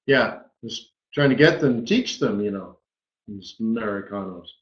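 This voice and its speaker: Guy running a live trading webinar, slow talker, kinda highish voice, goofy exclamations, echoey dull audio. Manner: excitable, playful exclamations. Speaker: forex webinar host.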